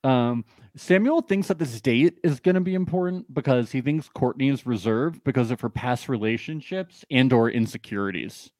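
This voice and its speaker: A man's voice: mid-range voice, expressive, moderate pace, hardly any pauses, darkish tone, no room sound, clean studio sound. A young man co-hosting a podcast, recapping a reality show with sarcastic jokes and lots of "uh"s. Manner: joking, sarcastic, many fillers. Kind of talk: casual chat.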